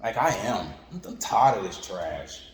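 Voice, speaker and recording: A man's voice: fairly low pitch, sing-song, unhurried, slight background noise. A man preaching an informal sermon in a conversational, repetitive way, with lots of "like" and "you know what I'm saying". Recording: echoey room with long reverb and faint ambience.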